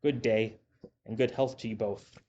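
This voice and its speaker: A man's voice: lowish voice, steady tone, moderate pace, darkish tone, highs cut off, close to an everyday voice. A man playing a courtly stranger with an English accent. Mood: courteous. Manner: precise, formal. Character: precise, courtly old-fashioned gentleman stranger.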